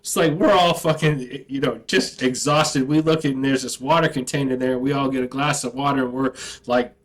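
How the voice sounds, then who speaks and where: A man, an army veteran, telling a casual, profane, animated story about basic training. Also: medium pitch, poor audio.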